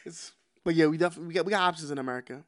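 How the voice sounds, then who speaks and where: A man's voice: a little high, very fast, a bit bright. A man, co-hosting a podcast in casual chat, telling laid-back, slangy stories and laughing often. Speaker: podcast co-host.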